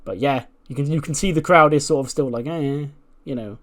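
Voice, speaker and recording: A man's voice: medium pitch, fast talker, fairly bright tone. A man narrating and commenting on a wrestling simulation game in a loose, rambling way, swearing freely. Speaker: gaming video creator.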